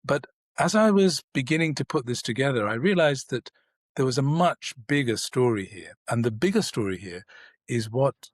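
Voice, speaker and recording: A man in his sixties speaks with a standard British accent, measured and reflective, with small restarts as he thinks. His voice sits in a middle register and the sound is dry and close. He talks as a guest in an unhurried interview. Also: medium pitch, no room sound. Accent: standard British English. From South Asia, raised in the United Kingdom. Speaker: guest, neurologist. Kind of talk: thoughtful conversational interview.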